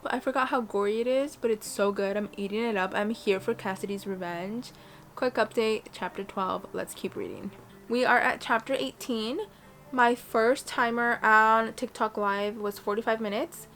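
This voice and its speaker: A woman's voice: on the high side, moderate pace, a bit bright, faint music behind. Chatty young woman vlogging her reading. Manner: chatty and gushing, with emotional outbursts. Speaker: book vlogger. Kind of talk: casual reading vlog. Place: small reading corner at home.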